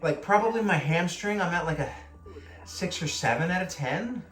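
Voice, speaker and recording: A man's voice: high-pitched, expressive, moderate pace, a bit bright. An Australian man talks his way through a stretching routine, complaining and laughing at himself as he strains. He sounds a little out of breath. The room is echoey, with faint music playing behind him. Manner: whiny, self-mocking, groaning through stretches. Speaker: fitness vlogger. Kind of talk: casual workout vlog.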